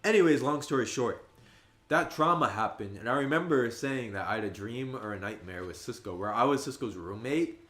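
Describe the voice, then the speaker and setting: An animated young man in his twenties, talking casually as he streams a game. His voice sits at an ordinary middle pitch, and he leaps up high and loud whenever he quotes his friends. The room gives the sound a roomy echo. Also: a little fast. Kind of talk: casual livestream chat.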